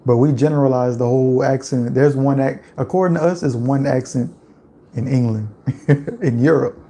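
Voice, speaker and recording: A man from Louisiana chatting casually with viewers on a livestream, animated and laughing, his voice jumping up when he stresses a point. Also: medium pitch, moderate pace. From Louisiana, USA. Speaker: livestream host.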